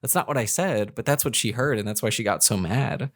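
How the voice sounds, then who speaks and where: A man's voice: mid-range voice, brisk, dry recording, studio quality. A young man on a podcast, telling a story from his childhood in a loose, rambling way with lots of fillers and restarts. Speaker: podcast co-host. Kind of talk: casual storytelling.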